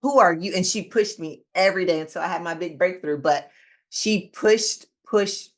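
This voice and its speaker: A woman in her thirties hosting a casual interview, telling a personal story in an animated way and acting out what people said. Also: normal speed. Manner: animated storytelling, acting out quoted lines with big pitch jumps. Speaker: podcast host.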